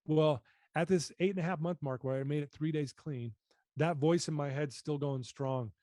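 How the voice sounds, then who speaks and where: A man's voice: a little high, moderate pace, warm tone, no room sound, studio quality. A man in his fifties telling his personal story as a podcast guest, earnest and emotional.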